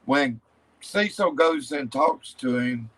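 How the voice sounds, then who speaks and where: A man's voice: mid-range voice, expressive, takes it slowly, fairly bright tone. A man in casual chat, arguing his point insistently. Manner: argumentative, insistent.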